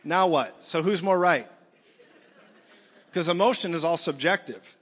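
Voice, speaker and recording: A man preaches with a bright, forceful, somewhat high voice, blunt and jokey, jumping between loud bursts and quiet passages. His voice rings with long reverb through a church hall, and the recording sounds a little dull and muffled. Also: unhurried, breathy edge, some chatter behind. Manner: animated, blunt, jokey, swings from loud to soft. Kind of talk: sermon.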